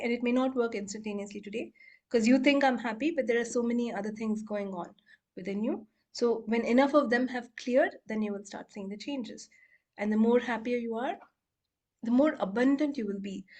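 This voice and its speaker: A woman coach leading a casual group call, chatting and laughing, and rattling off repeated clearing phrases in a quiet murmur. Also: fairly high pitch. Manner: chatty, laughs often, acts out quoted voices. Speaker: healing coach and facilitator.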